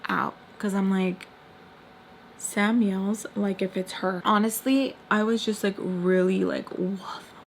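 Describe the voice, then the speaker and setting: A woman's voice: mid-range voice, steady tone, slow pace, a little hiss or hum. Give me a young woman casually telling a storytime, blunt and filler-heavy. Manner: blunt, swears, uses lots of fillers. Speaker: storytime vlogger.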